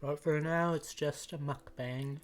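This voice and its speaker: A woman with a low, unhurried voice chats loosely with her stream audience between bites. Her talk is relaxed and drifting, and faint music plays behind her. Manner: relaxed, chats with viewers between bites, reads chat aloud. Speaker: livestreamer. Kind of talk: casual livestream chat while eating.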